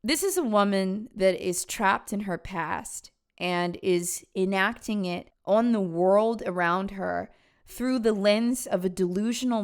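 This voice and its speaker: Woman, true crime storyteller, emphatic, conversational, opinionated, mid pitch. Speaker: host.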